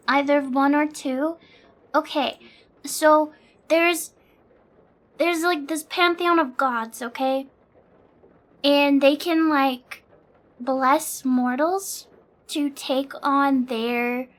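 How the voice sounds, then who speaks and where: A young woman streamer chatting casually, rambling with lots of fillers and swearing freely. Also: high voice. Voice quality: sleepy.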